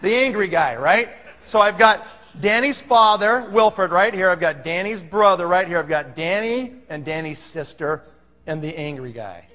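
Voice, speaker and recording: A man telling a story to an audience, animated and acting out the scene. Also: sits high, normal speed. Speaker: speaker telling a sales story. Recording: long hall reverb.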